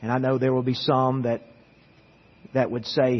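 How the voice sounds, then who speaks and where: A man preaches a sermon as the church's pastor, his voice a little husky and rough. He speaks earnestly and often repeats words as he goes. The sound is muffled and lo-fi, with a long hall echo trailing each phrase. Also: mid-range voice, little pitch movement, normal speed, long pauses.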